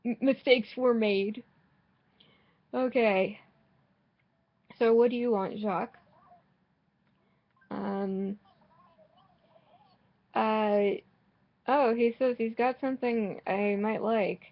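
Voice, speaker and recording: A woman's voice: fairly high pitch, muffled recording. A woman giving casual, rambling commentary while playing a game, sarcastic and swearing, often restarting her sentences. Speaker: gaming vlogger.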